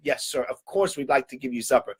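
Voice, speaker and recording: A man's voice: mid-range voice, a little fast, breathy edge, close to an everyday voice. A man voicing a poor man who nervously serves an important guest. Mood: deferential. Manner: eager to please, flustered.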